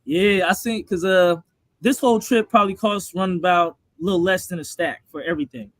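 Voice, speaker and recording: A man chats in a relaxed, slangy way, joking as he goes. His voice sits a little high. The sound is dry and close. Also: fairly quick, no room sound. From United States. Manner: laid-back, laughing, slangy. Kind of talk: casual chat.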